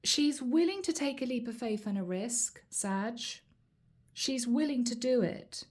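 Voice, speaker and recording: A woman's voice: a little high, expressive, unhurried, darkish tone. A woman giving a channeled tarot reading, speaking earnestly and straight to the listener, often repeating her questions. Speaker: tarot reader.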